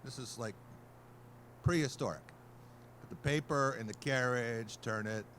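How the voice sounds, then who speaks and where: Man, sportswriter, panel storytelling, wry, mid pitch. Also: unhurried, a bit bright, a little hiss or hum. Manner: wry anecdotal storyteller, acting out quotes.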